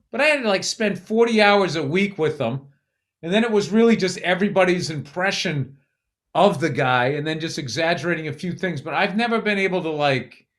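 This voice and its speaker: A man's voice: high-pitched, a bit bright. A man hosting a podcast, chatting casually and asking curious questions, swearing now and then. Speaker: podcast host. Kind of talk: casual chat.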